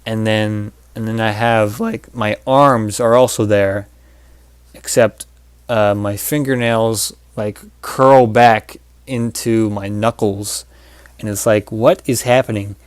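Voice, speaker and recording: A man's voice: on the low side, steady tone, slow, clean tone, no echo. A man hosting casual gameplay commentary who rambles through a story, with many fillers and restarts. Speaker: channel host.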